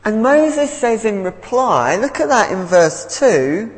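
Male preacher, earnest and unhurried, with a bouncy, animated delivery. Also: sits high, in a large hall, poor audio. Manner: earnest, repeats words as he goes. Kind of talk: sermon.

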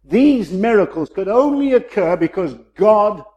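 A man preaching a sermon in a measured, emphatic way, slowing down to stress key phrases. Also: sits high, animated, warm tone, highs cut off.

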